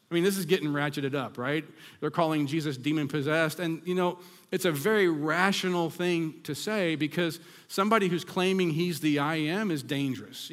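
Male pastor preaching, a little high-pitched, slows down for dramatic scripture lines; echoing hall. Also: fairly bright tone. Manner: dramatic scripture reading with emphatic slowdowns. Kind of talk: sermon. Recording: long reverb of a hall.

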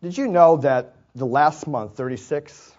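A male pastor with a fairly high voice tells a personal story from the pulpit. He talks in a chatty way, breaking into chuckles and little asides. The recording sounds dull and lo-fi. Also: unhurried, a little mellow. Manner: chuckles often, conversational asides. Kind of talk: storytelling sermon.

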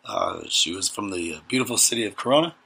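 A man's voice: low-pitched, huge pitch swings, fast talker, gravelly, pushed and bright, husky. A man, co-hosting a casual podcast chat and telling crude, joking stories. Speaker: podcast co-host.

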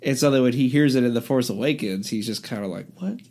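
A man co-hosting a casual chat, animated, acting out quoted lines and laughing often. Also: mid-range voice, fast. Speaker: podcast co-host.

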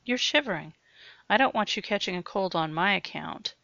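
A woman's voice: medium pitch, animated, normal speed, vocal fry, sharp tone, no room sound, highs cut off. A woman voicing a bubbly, eager young woman in a story. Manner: chirpy and eager.

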